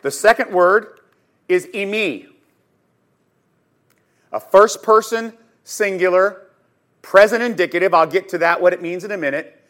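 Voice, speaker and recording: A man teaching a sermon on scripture, telling the story dramatically and emphatically, swinging between loud and hushed, and putting questions straight to his listeners. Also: high-pitched, unhurried, pauses often. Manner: addresses listeners directly with questions. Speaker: Bible teacher.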